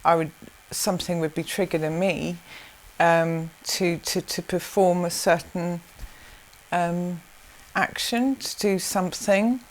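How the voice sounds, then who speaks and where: Interviewee, woman, lowish voice, slow and halting, full of ums. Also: fairly even intonation. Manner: hesitant, many pauses and ums, sighing. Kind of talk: recounting personal experiences in an interview.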